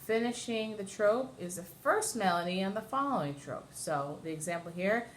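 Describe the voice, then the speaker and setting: A woman's voice: mid-range voice, animated, moderate pace, a little hiss or hum. A woman cantor teaching Torah chanting at home, explaining step by step and singing short examples. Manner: explains step by step, sings trope names in short phrases. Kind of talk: online lesson with sung examples. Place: home with a dishwasher running.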